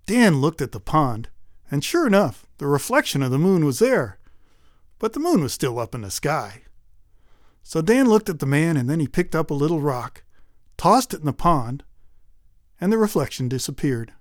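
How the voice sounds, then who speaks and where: A man spins a folk tale in a folksy, animated voice, fairly high for a man and full of rising and falling pitch. The recording is dry, with no room sound. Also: normal speed, dry recording. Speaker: storyteller.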